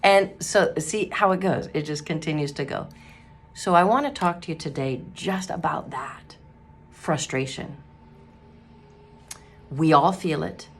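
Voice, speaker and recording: A woman's voice: deep voice, measured pace, long pauses, slight background noise. A middle-aged woman giving a casual devotional talk, telling a story in a chatty way with laughter and acted-out quotes. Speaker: Christian radio host and ministry speaker.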